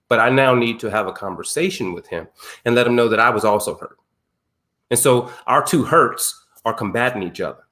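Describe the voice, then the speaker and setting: The host of an online men's circle on a video call has a fairly low, fairly bright voice. He talks casually and with emphasis, mixing in slang and recounting personal stories to the group.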